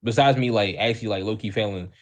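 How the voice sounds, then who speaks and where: A young man co-hosting a podcast, telling a story in a casual, animated way, acting out the people in it with lots of slang and swearing. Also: lowish voice, fast. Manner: animated, acts out quoted voices, heavy profanity and slang. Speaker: podcast co-host.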